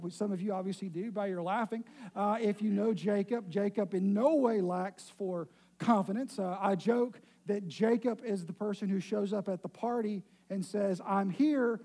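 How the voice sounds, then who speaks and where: Brief: middle-aged male pastor, high pitch, mellow tone, storytelling sermon with light humor. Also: normal speed, husky. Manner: storytelling, self-deprecating humor.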